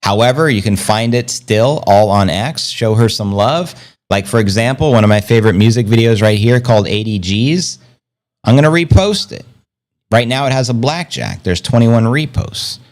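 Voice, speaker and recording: A man hosting a casual livestream, rambling upbeat and slangy, reading out viewer comments and giving shout-outs. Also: medium pitch, normal speed. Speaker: crypto livestream host.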